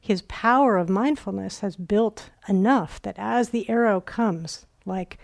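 A woman's voice: mid-range voice, measured pace, gravelly. A woman meditation teacher giving a dharma talk at a retreat center, telling stories reflectively and acting out quoted inner voices.

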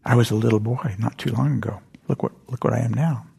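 An older man giving a dharma talk at a meditation center, telling stories in a halting, gentle way that often drops to a whisper. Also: mid-range voice, steady tone, creaky, husky. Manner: gentle, halting storytelling with frequent whispered asides. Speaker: meditation teacher.

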